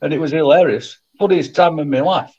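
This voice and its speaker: A man's voice: on the high side, fairly quick, dull audio, crowd noise. A man fondly recalling old times in a casual chat. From England.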